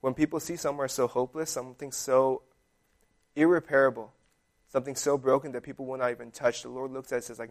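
A man's voice: mid-range voice, little pitch movement, fast talker. A young man giving a casual, conversational sermon that is full of fillers. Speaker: preacher.

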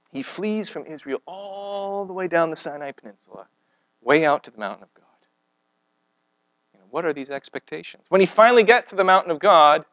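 A man preaching with a lively, swooping delivery that stays a little high for a man. He tells stories animatedly, acting out the quoted speakers. The sound is dry and close. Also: dry recording, poor audio. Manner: asks the congregation questions. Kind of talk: sermon.

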